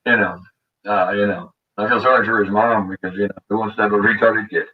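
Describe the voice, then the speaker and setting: Older male host, low voice, rambling and crude, recorded a bit distant on dull lo-fi audio. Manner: rambling, crude and bitter, many fillers and restarts. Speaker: radio show host. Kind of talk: rambling monologue. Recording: dull lo-fi audio, voice set back from the mic.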